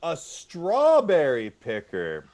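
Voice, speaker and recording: A man runs an improv comedy game over a video call. His voice sits a bit high and swings widely in pitch. He is upbeat and repeats each suggestion back to the players. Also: wildly swooping pitch, slow pace, darkish tone. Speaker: referee and host of an improv show. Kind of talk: online comedy game hosting.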